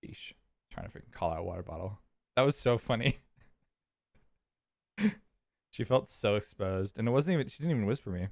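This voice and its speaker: A man's voice: lowish voice, no echo, clean studio sound. Rambling, chatty male streamer. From California. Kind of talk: casual chat.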